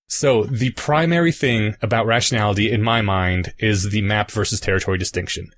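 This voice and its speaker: A young adult man co-hosting a podcast, patiently explaining ideas through analogies in casual chat. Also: lowish voice. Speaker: podcast co-host.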